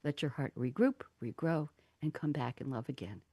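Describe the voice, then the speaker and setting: A woman's voice: very deep voice, normal speed, warm tone, dry recording. A woman hosting a live online talk show into a studio mic, playful and laughing, with theatrical readings. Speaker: radio talk show host. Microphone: studio condenser mic.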